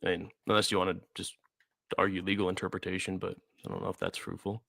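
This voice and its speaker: A man's voice: low-pitched, level tone, fast talker, creaky, pushed and bright, no room sound, studio quality. A man calling into a debate panel, arguing in a self-assured way. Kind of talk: casual debate.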